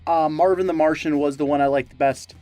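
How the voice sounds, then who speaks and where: Deadpan young man, higher voice. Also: brisk, soft background music. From Great Lakes region, US. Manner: deadpan, absurd jokes. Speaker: co-host. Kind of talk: casual chat.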